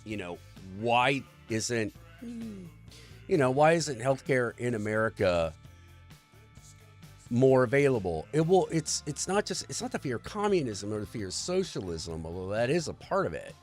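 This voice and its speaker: Speaking unhurriedly in a medium, sing-song voice, a livestream host delivers a rambling, sincere and foul-mouthed rant about society. Soft music plays in the background of this casual political tirade.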